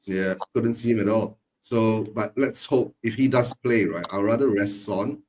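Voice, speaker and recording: A man's voice: lowish voice, normal speed, darkish tone. A man chatting casually about football as a panelist, ending his phrases with "right?" and laughing often.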